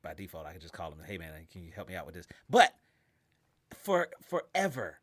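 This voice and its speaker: A man's voice: sits low, fairly even intonation, rapid-fire, slightly rough, no room sound, studio quality. A man, a pastor and writer, telling a story as a guest in a casual interview. He talks in loose slang and acts out the people in his story.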